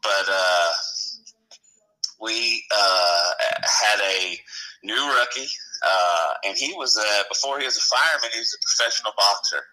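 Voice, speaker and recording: A man's voice: lowish voice, animated, unhurried, sharp tone, rough recording. A middle-aged man, a former firefighter, telling rambling station anecdotes in casual conversation. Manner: rambling, self-correcting, chuckling anecdotes. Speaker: retired firefighter guest. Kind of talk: casual storytelling interview.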